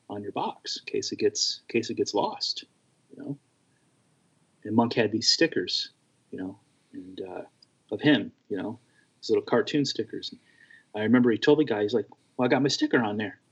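Husky-voiced man, ex-race mechanic, loose rambling storyteller, slightly muffled lo-fi recording. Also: lowish voice. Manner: rambling, filler-heavy anecdotes. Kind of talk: casual storytelling.

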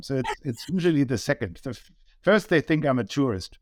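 A middle-aged man with a German accent, a business owner talking as a guest in a casual interview, halting and repeating words with many ums. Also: on the high side, animated, darkish tone, dry recording, studio quality.

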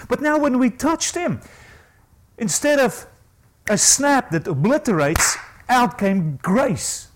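A man preaching a sermon, emphatic, asking his listeners questions and swinging from low asides to high, ringing stresses. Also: expressive, slow, poor audio. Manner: asks the congregation questions.

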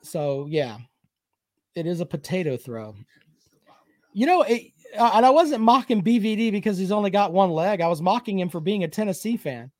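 A man's voice: sits high, animated, moderate pace, dry recording, clean studio sound. A man hosting a casual sports chat show, reading viewer comments and joking with profanity and trash talk.

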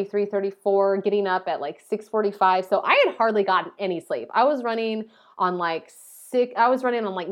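A young adult woman vlogging, telling a personal story in a chatty, animated way and often saying "like". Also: mid-range voice. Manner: animated, chatty, heavy use of "like".

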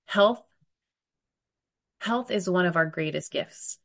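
A woman in her thirties coaching an online group on weight loss, talking bluntly and often checking in with "okay?", a little hoarse from a cold. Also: on the low side, takes it slowly, fairly bright tone. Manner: direct, emphatic, frequent "okay?" check-ins. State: getting over a cold, occasional cough.

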